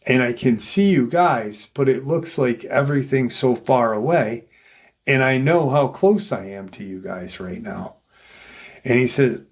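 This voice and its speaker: A man's voice: medium pitch, a little slow. A man hosting a paranormal channel, casually retelling an encounter story in a loose, rambling way full of "like" and "you know.".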